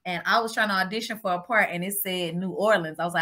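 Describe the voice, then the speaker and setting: A woman actress telling stories in a lively, animated way during a casual podcast chat. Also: fairly low pitch, fast, crowd noise, rough recording. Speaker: guest actress.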